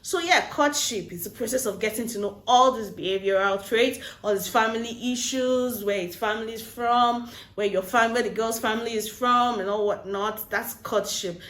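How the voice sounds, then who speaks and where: A woman giving casual relationship advice in a vlog, telling stories in an animated way and slipping into pidgin phrases. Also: fairly high pitch, normal speed. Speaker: Christian relationship vlogger. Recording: roomy echo.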